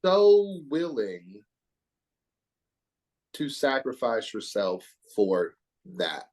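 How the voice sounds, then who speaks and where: A man's voice: medium pitch, sing-song, drawn-out words, a little mellow. A middle-aged man from Oklahoma, a hair educator talking as a podcast guest in an earnest, reflective, emphatic way. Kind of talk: podcast interview chat.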